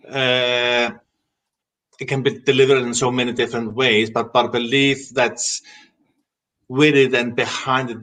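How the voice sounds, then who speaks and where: A man talking as a guest about spiritualism, reflective and halting, with frequent hesitations and restarts. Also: mid-range voice, fairly bright tone. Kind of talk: casual spiritual discussion.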